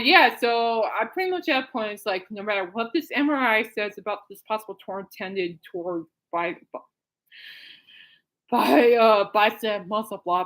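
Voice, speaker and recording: A woman's voice: a little high, fairly bright tone, low-quality recording. A woman hosting a podcast in a casual live-stream chat, rambling and breaking into giggles often. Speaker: podcast host.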